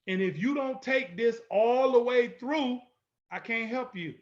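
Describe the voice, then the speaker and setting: This instructor, a man with a very high voice, speaks a little slowly through a lecture-style video walkthrough. He is emphatic and confrontational, boldly hammering his points again and again, and the recording sounds muffled.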